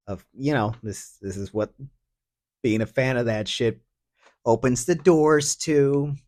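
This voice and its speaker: A man's voice: mid-range voice, slow pace, darkish tone. A man hosting a podcast alone, talking through a story in a casual, profane, sardonic ramble full of fillers. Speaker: podcast host. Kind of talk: casual solo commentary.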